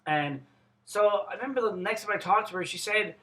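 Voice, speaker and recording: A man's voice: high-pitched, fairly quick, a bit bright, poor audio. A man telling a personal story in a rambling, profane way, often breaking off and restarting. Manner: rambling, profane, self-interrupting. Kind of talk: casual storytelling monologue.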